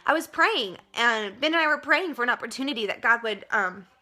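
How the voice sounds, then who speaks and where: A woman's voice: fairly high pitch, lively intonation, fairly quick, bright, forceful tone. A young woman sharing an earnest, emotional personal testimonial as a direct-sales distributor, with many fillers, turning tearful as she talks. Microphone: webcam.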